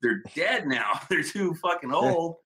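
A man with a bright, forceful voice tells car stories loosely and with plenty of swearing. He sounds animated and casual, and he jumps into little acted-out moments as he talks. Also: on the high side, measured pace. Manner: profane, animated storyteller. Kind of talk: casual chat.

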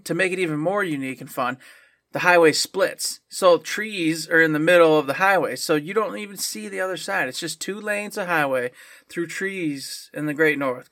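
A man co-hosting a casual podcast, telling a story with animated, emphatic delivery. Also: on the high side. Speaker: podcast co-host.

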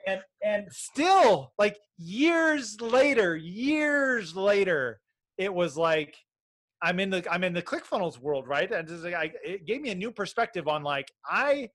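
A man's voice: high voice, big pitch swings, moderate pace, fairly bright tone. Rambling middle-aged man telling stories. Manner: rambling, many restarts and "like" fillers. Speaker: podcast guest, baby sleep business owner. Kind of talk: casual storytelling chat.

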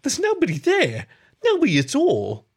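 Terse grumbling male rat, raised high and lively, man voicing him. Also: normal speed, vocal fry, husky, heavily acted. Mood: shaken. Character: grumpy steady male rat, adult husband.

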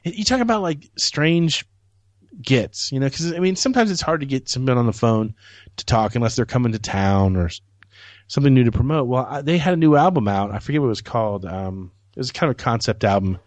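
A man's voice: mid-range voice, lively intonation, fairly quick, no echo. A man hosting a podcast, telling a long anecdote in a rambling way with many restarts. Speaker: podcast host. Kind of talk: casual chat, anecdote.

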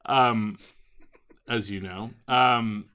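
A man co-hosting a casual book discussion, speaking thoughtfully and pausing on frequent "um"s. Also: fairly low pitch, fairly even intonation, sharp tone, smooth. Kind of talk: casual chat.

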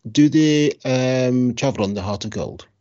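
A man's voice: medium pitch, measured pace, mellow, no echo, muffled recording. A man co-hosting a podcast, laid-back, answering in short replies. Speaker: podcast co-host. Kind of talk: casual chat.

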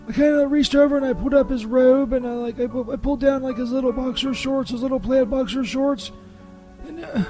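A man's voice: very high-pitched, dark tone, pitched above the performer's own voice. A man playing Peter, a jittery, foul-mouthed, whiny comedy character who keeps crying out to Jesus. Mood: agitated. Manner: frantic, swearing, keeps invoking Jesus. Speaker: comedy character on a live show. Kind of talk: comedy bit.

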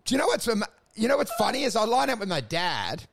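A man rambles through crude comic stories on a casual podcast. His voice sits fairly high for a man and has a gravelly, creaky edge. He talks in a loose, animated way. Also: quick pace. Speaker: podcast co-host. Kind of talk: casual comedic chat.

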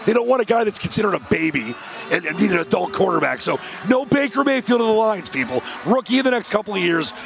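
Fast-talking gravelly man on sports picks. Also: high voice, big pitch swings. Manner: emphatic, rapid, with restarts. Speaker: sports radio co-host. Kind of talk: sports betting chat.

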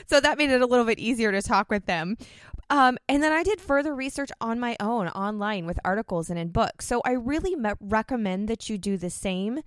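A woman's voice: fairly high pitch, expressive, fairly quick, smooth, no room sound. Upbeat chatty woman podcast host. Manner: chatty and upbeat, laughs often. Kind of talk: casual podcast talk.

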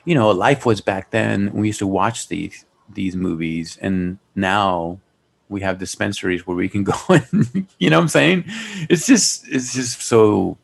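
A man co-hosting a casual movie chat, rambling and halting, often trailing off mid-thought. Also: on the low side, vocal fry, slightly rough. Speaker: podcast co-host.

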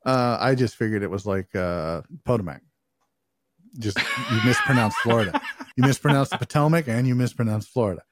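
A man's voice: mid-range voice, fairly quick, no echo. A man co-hosting a podcast, telling stories in a loose, rambling, profane way with lots of fillers. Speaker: podcast co-host. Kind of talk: casual chat.

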